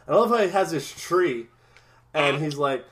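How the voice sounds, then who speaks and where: A man's voice: on the high side, expressive, normal speed, a bit bright. A man chatting casually as a podcast co-host, recapping an episode with many restarts and frequent laughs.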